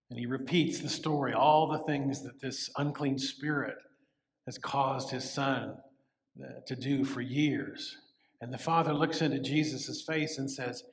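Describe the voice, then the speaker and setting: A male pastor preaching a sermon in a church sanctuary, telling a story in a lively way and acting out the voices. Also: mid-range voice, normal speed. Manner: storytelling, animated, acts out quotes. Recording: echoey church sanctuary with long reverb.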